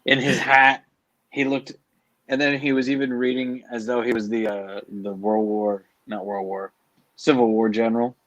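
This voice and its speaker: A man's voice: medium pitch, flat delivery, moderate pace, a bit bright, no room sound, rough recording. A man co-hosting a late-night stream, chatting casually and rambling about guests and accents. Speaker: co-host.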